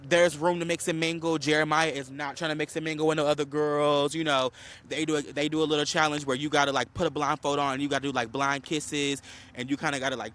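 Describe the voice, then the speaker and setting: A man co-hosting a podcast, casually recapping a reality show, acting out quotes with lots of fillers and a slight cough. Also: on the high side. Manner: animated storyteller, acts out quotes, many fillers. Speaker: podcast co-host.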